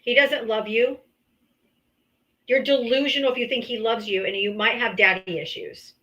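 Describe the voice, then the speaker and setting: A woman's voice: on the high side, fairly even intonation, normal speed, bright, forceful tone, highs cut off. Blunt, profane woman livestream host. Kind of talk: heated political call-in debate.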